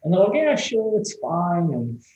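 Excitable rambling man in an echoey room. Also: high voice, unhurried, a little hiss or hum. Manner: rambling, excitable, lots of fillers and restarts. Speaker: race director. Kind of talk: conversational interview storytelling.

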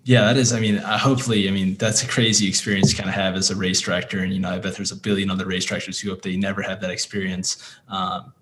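A man hosting a podcast, asking relaxed interview questions full of fillers. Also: low voice, quick pace, few pauses, slight background noise. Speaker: podcast host.

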